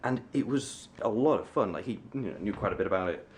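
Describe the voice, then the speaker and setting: A young Englishman talks to his camera in a hotel room, rambling and poking fun at himself, his voice sitting very low. Faint background noise runs under his casual, filler-heavy chat. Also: lively intonation, fast talker. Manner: rambling, self-mocking, many fillers and restarts. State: sunburnt. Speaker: vlogger.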